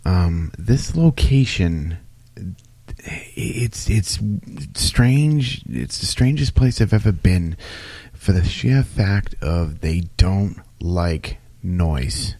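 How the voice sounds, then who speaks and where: Brief: man co-hosting paranormal radio, jokey and blunt, very low voice, dry sound. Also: animated, very slow, warm tone, no echo. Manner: joking, self-deprecating, blunt. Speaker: co-host of a paranormal radio show. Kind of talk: casual banter.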